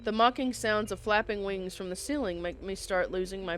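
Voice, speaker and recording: A woman's voice: medium pitch, brisk, few pauses, fairly bright tone, faint music behind. A woman playing a visual novel and reading all of its text and dialogue aloud, with casual asides of her own between the lines. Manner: reads all parts herself, with casual asides. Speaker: game player reading aloud.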